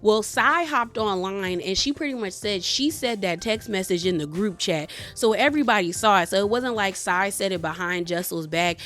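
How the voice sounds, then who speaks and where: A woman in a casual vlog, breezily recapping reality TV drama with slang and lively asides. Her pitch sits in an ordinary middle range. Soft music plays faintly behind her. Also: normal speed, few pauses. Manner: chatty, slangy, animated retelling of arguments.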